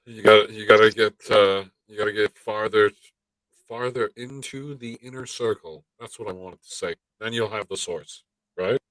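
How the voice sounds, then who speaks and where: A man talks his way through a casual live-stream chat, rambling and swearing as he goes. His voice sits a little low and sounds dry and close to the mic, with no room around it. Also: moderate pace, no room sound, poor audio. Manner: profane, animated rambling. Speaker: podcast co-host.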